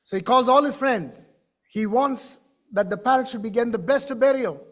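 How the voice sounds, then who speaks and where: High-voiced man. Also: moderate pace. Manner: animated, engages the audience with questions. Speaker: keynote speaker. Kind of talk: storytelling conference speech. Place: conference stage.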